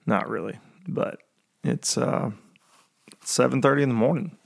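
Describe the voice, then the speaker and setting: A man's voice: medium pitch, lively intonation, measured pace, vocal fry. A man hosting a podcast in casual chat, rambling and joking with many fillers, in his early morning voice. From Tennessee. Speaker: podcast host.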